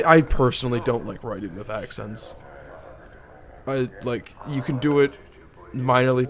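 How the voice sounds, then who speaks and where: A man's voice: mid-range voice, a bit bright. A man streaming a game, talking casually and thinking aloud, with some swearing. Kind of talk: casual gameplay commentary. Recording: game music behind.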